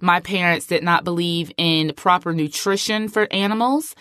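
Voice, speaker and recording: A middle-aged woman hosts a podcast in a casual monologue, chatty and emphatic, leaning heavily on the filler "like." Her fairly low voice moves at a moderate pace and sounds pushed, bright, and smooth. The recording is studio quality with no echo.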